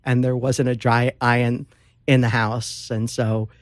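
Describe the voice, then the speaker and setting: Animated man telling stories in interview. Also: mid-range voice, measured pace, no room sound, clean studio sound. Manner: animated storyteller with fillers. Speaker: author and lawyer, guest. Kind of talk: casual interview talk.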